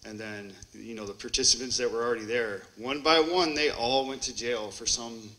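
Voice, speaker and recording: Man, Wisconsin, treatment court graduate; bright tone, rambling storyteller who acts out the quotes. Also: mid-range voice, steady tone, moderate pace, rough recording. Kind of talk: personal recovery testimony.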